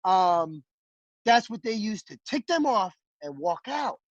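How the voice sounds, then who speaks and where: A man, a restaurant chef telling an animated, profane story as a guest in casual talk. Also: high-pitched, unhurried, no room sound, muffled recording. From New Jersey. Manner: animated, profane, acts out quotes.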